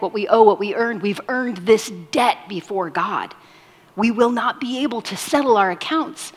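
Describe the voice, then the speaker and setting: Slow, husky woman preaching in a hall. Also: medium pitch. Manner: swings from loud emphasis to soft whispers. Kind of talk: sermon. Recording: long hall reverb.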